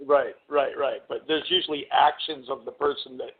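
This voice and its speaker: A man's voice: mid-range voice, steady tone, moderate pace, breathy edge. A man calling in to a radio show, talking earnestly and hesitantly, with many restarts. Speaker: caller. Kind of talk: casual call-in radio chat. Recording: tinny phone line.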